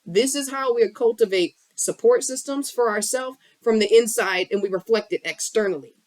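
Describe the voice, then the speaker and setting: A woman's voice: on the high side, moderate pace, darkish tone, no room sound. A woman giving an impassioned, blunt motivational talk about healing on a live stream from her bedroom, swearing freely. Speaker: spiritual coach on a live stream. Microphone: phone.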